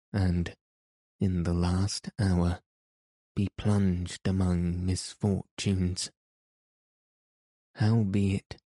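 A man's voice: sits low, mellow, no echo, studio quality, heavily acted. A man reading the lines of a wounded, dying English baron, proud and gloomy, in archaic, formal speech for an audiobook.

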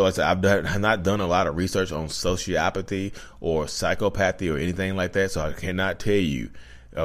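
A man hosting his own channel, talking casually and animatedly to his listeners and calling them y'all over and over. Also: sits low. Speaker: self-aware narcissist channel host. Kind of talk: casual direct-to-camera talk. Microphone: podcast-style recording.

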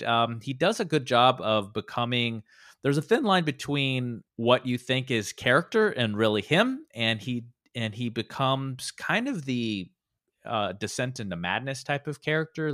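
A man's voice: mid-range voice, fairly bright tone, dry recording, clean studio sound. A man hosting a podcast in casual chat, rambling and joking with many fillers. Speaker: podcast host.

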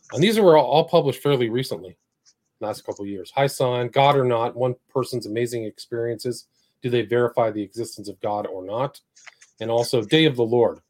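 A man's voice: lowish voice, darkish tone. A man hosting a podcast, introducing his guest and asking questions in an upbeat way. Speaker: podcast host.

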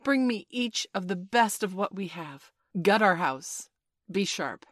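A woman's voice: mid-range voice, big pitch swings, moderate pace, dry recording, clean studio sound. A woman voicing a boastful young boy leader who barks eager orders in a storybook reading. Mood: commanding.

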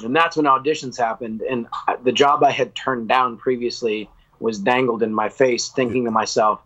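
Appearing as a podcast guest, an American metal vocalist spins a long, candid story in a relaxed interview, cursing freely and performing the lines he quotes. He speaks at normal speed in a medium-pitched, steady, fairly bright voice, captured in dull lo-fi audio.

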